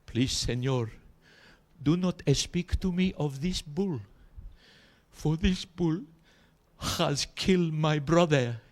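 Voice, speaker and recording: A man voicing a shaken Spanish bartender who speaks slowly and mournfully in a put-on Spanish accent. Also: mid-range voice, creaky, natural voice. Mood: solemn. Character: grave Spanish male bartender, shaken and solemn.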